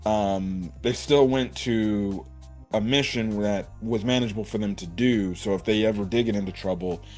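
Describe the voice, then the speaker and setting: A man's voice: on the low side, normal speed, a little mellow, soft background music. A man giving a casual, rambling anime episode review, full of fillers and slang.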